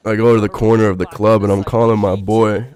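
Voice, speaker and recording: A man's voice: on the low side, flat delivery, a little fast, darkish tone. A young man streaming, telling a rambling, profane story with lots of fillers in a laid-back way.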